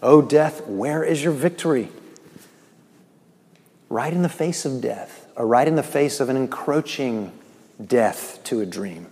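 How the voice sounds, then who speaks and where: A man preaches to a congregation, his voice a little husky and ringing with long reverb in a large hall. He swings between loud, lifted phrases and hushed, quiet lines. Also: fairly low pitch. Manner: preaching with sudden loud lifts and quiet drops. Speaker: pastor. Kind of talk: sermon.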